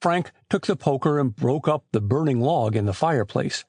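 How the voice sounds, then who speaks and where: Husky guy reading an audiobook, lively delivery, super dry close mic. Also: mid-range voice, moderate pace, no room sound. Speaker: audiobook narrator. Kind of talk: scripted narration.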